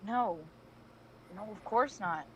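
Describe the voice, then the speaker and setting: A woman voicing a firm, caring young female vigilante in a live fan audio drama read, teasing at times and softly concerned. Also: mid-range voice, expressive, slow pace, highs cut off, slight background noise. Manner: teasing then soft and concerned.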